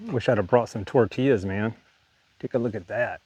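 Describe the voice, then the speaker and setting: A man's voice: fairly low pitch, normal speed, husky. A man vlogging on a hike outdoors, chatting casually while he shows off his gear. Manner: relaxed, chatty, demonstrating gear. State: breathing hard. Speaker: hiking vlogger. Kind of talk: casual outdoor vlog narration. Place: outdoors by a lake in the woods.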